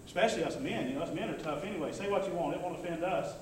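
A man's voice: on the high side, rapid-fire, distant mic. A man preaching a sermon as pastor, talking in a conversational way with call-and-response asides to the congregation. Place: church sanctuary. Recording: echoey church hall, mic from afar.

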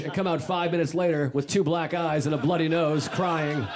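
A male stand-up comedian doing a rapid, mock-pleading bit on a club stage. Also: on the high side, fairly even intonation. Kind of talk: stand-up set. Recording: loud crowd laughter and noise.

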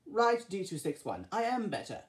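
A woman's voice: medium pitch, wildly swooping pitch, normal speed, very noisy. A proud male diesel engine, voiced by a woman brags about himself. He has a cocky, boastful manner, like a rival in a homemade storybook tale. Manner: boastful, bragging.

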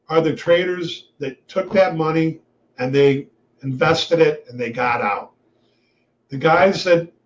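A man with a fairly high voice tells blunt, profane stories in a loose, animated way. His voice is captured in dull, lo-fi webinar audio. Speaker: webinar host, trader. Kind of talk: casual storytelling.

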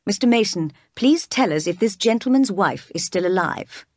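A woman reading aloud as a solemn male priest who speaks gravely. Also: mid-range voice, animated, moderate pace, no room sound, studio quality, natural voice.

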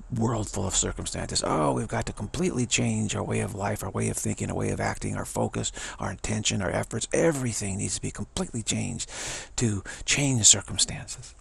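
A man's voice: on the low side, creaky, breathy edge. A man giving a casual spiritual teaching talk, musing and earnest, repeating phrases for emphasis.

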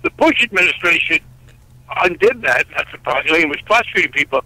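A man's voice: fairly high pitch, animated, fast, bright, forceful tone, no room sound, rough recording. A man in his seventies, a congressman being interviewed over the phone, blunt and wry, with emphatic restarts. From United States.

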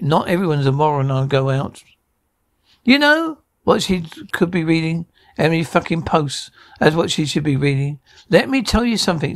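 A man acting out every part of a sitcom scene alone, in a bickering, flustered comic delivery full of stammers and restarts. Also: fairly high pitch.

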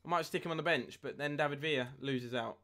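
A young man live-streaming a football game, chatting with viewers and getting excited at near misses. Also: on the high side, fast talker. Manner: chatty, reads chat aloud, excitable at goals. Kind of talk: live gameplay commentary and chat.

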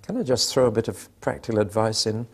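A man's voice: lowish voice, lively intonation, fast talker, breathy edge. An older man preaching a sermon, telling anecdotes with dry humour and acting out the dialogue.

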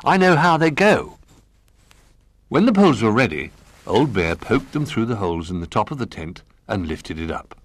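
A man narrating a children's storybook in a gentle, expressive manner. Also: on the low side, a little fast, slight background noise.

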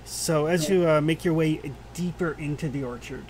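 A man narrating a tabletop game as game master, pausing often with "uh" while he describes each scene. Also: fairly high pitch, a crowd in the background. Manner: halting, lots of "uh" and restarts while describing scenes.

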